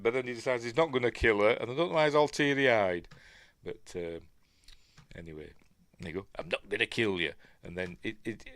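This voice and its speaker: A man's voice: on the low side, fairly bright tone, no echo, studio quality. A man with a Yorkshire accent giving a casual film review, rambling and muttering asides to himself. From Yorkshire, England.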